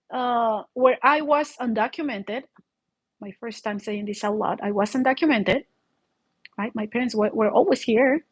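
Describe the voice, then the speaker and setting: A middle-aged woman with a foreign accent, English not her first language, telling her own story in an animated way, full of restarts and fillers. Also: high-pitched, no room sound, rough recording. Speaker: vlogger. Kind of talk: personal storytelling.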